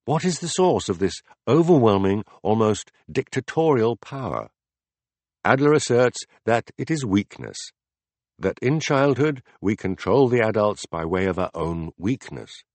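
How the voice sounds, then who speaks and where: A man voicing a patient philosopher who explains ideas step by step in a measured, deliberate audiobook reading. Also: fairly low pitch, very animated, a little mellow, dry recording, exaggerated voice. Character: calm, patient male teacher explaining ideas. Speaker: philosopher in a dialogue.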